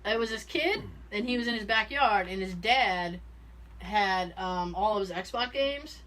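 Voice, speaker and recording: A woman's voice: medium pitch, measured pace, a little hiss or hum. A woman on a podcast telling family stories in casual chat, laughing often and acting out the people she quotes. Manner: animated, laughs often, acts out quoted voices. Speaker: podcast co-host.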